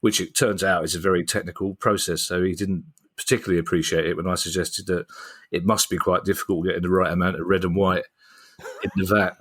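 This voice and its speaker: A man's voice: sits low, flat delivery, fast talker, a bit bright, breathy edge. A man hosting a podcast in a playful, joking manner. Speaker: podcast host. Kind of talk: casual podcast chat.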